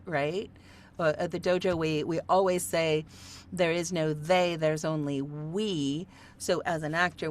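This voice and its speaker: Low-voiced woman host, faint background noise. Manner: earnest, repeats words as she starts sentences. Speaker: host, acting coach. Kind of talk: casual interview talk.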